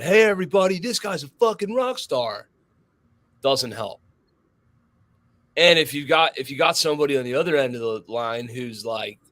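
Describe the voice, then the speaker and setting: A man in casual podcast chat, swearing freely as he tells stories from the range. His voice sits at an ordinary middle pitch, and he slips into quick impressions of the people he is describing. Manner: profane, animated storytelling with acted-out voices. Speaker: podcast co-host, firearms instructor.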